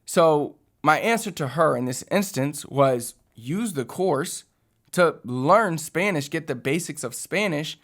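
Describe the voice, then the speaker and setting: A man's voice: on the high side, lively intonation, slow, a bit bright. Rambling man giving a casual language lesson. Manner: rambling, repeats and restarts phrases; conversational, addresses viewers directly. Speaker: online Spanish teacher. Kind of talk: casual talking-head lesson.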